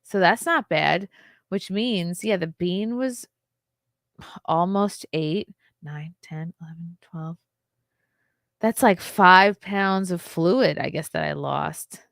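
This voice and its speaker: A woman's voice: on the low side, slow, creaky, a bit bright, no echo, clean studio sound. A woman hosting a casual livestream, candid and chatty, often laughing and reading viewer comments aloud. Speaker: livestream host.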